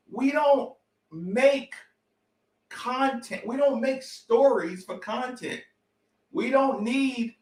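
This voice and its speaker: A man's voice: very high voice, fairly bright tone, far from the mic. A man hosting a sports talk show, ranting in a fired-up, profane, repetitive way. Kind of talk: heated sports talk rant. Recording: echoey room, voice off-mic.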